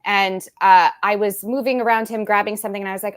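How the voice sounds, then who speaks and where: A woman's voice: medium pitch, fairly even intonation, fast talker. A woman in her forties, a podcast guest talking frankly and matter-of-factly over a video call. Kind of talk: casual video-call chat.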